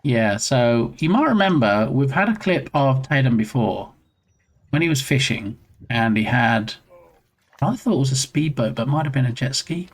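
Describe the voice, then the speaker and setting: A man of middle pitch hosts a game dev live stream, chatting loosely and playfully with his audience. He laughs often and makes jokes while he scrolls through chat. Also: animated, moderate pace. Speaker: game dev livestream host.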